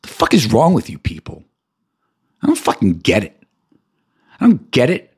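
An angry man rants alone on his podcast, swearing constantly. His husky voice swings through a wide pitch range and jumps up high whenever he gets worked up. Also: huge pitch swings, normal speed. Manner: profane, ranting, voice jumps high when heated. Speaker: podcast host. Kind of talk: angry solo rant.

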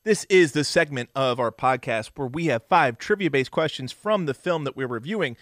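A man's voice: mid-range voice, animated, moderate pace, a bit bright, no echo, clean studio sound. A man co-hosting a casual movie podcast, trading crude jokes and running a trivia segment. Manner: crude joking banter. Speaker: podcast co-host.

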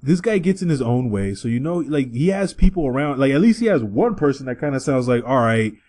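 A man co-hosting a podcast in casual, profane chat, animated and breaking into loud, high-pitched bits. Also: brisk. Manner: animated, swings into shouted bits. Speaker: podcast co-host.

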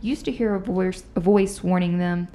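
On her podcast, a woman whose voice sits on the low side spins ghost stories in a relaxed, talkative way. She speaks at normal speed and brings an animated storyteller's energy to the casual chat.

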